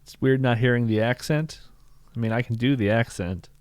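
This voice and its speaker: A man's voice: medium pitch, moderate pace, smooth, dry recording. A man chatting casually while streaming a farming game. He muses aloud with dry humor.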